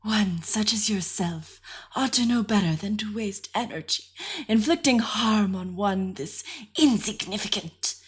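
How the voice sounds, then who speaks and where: Woman doing cranky old mystic lady, husky, thick accent, talks down to everyone. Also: medium pitch, measured pace. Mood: cautioning. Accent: thick foreign accent. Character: aged acerbic woman mystic, impatient and condescending.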